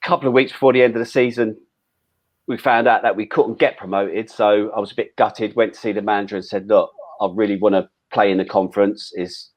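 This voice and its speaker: A man's voice: on the low side, fairly even intonation, fairly quick. A middle-aged man telling old football stories in an interview, chatty, with lots of restarts and casual swearing. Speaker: former footballer guest.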